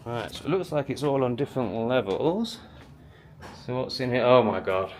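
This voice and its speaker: An English man with an everyday mid-range voice, touring a place on a handheld camera and reacting loudly with awe. He gasps, swears and exclaims as he goes, in a casual vlog style. A faint hiss of background noise sits under his voice. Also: medium pitch, moderate pace. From England. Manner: excitable, gasping and exclaiming in awe. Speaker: travel vlogger.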